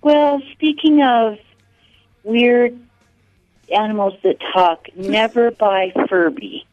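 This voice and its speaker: A woman's voice: a little high, takes it slowly, no room sound, faint music behind. A woman calling in to a radio show, chatting casually and offering a friendly tip. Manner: chatty, gives friendly tips. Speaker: caller. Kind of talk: casual phone-in chat. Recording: dull lo-fi call-in line.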